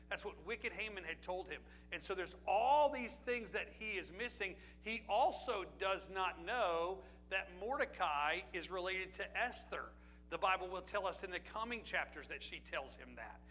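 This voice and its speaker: Pastor, male, from Pennsylvania: high voice, sharp tone, chatty sermon full of questions, faint hiss behind. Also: rough recording. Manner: conversational preaching with rhetorical questions and asides.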